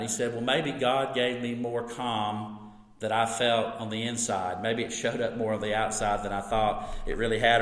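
A man preaching a sermon as pastor, telling a story with lively energy and easing into soft, slow reflection. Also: medium pitch. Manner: storytelling, animated when recounting, soft and slow on reflective points. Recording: echoey hall.

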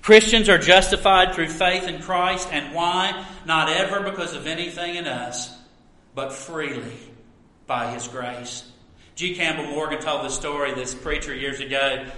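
High, bright-voiced preaching man. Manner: earnest, emphatic preaching with drawn-out stresses. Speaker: pastor. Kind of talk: sermon. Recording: echoey room.

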